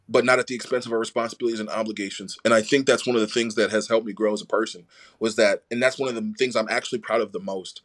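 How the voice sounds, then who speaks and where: A young adult man telling a story in casual conversation, animated and full of "like" fillers, acting out the quoted dialogue. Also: lowish voice. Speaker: rugby player, podcast guest.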